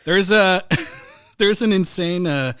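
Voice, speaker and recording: A man co-hosting a podcast, retelling a movie scene in a casual, animated way, acting out bits and laughing often. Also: sits high, slow pace, clean tone, dry recording, studio quality. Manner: animated storyteller who acts out scenes with lots of laughing. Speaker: podcast co-host. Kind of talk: casual movie-recap chat.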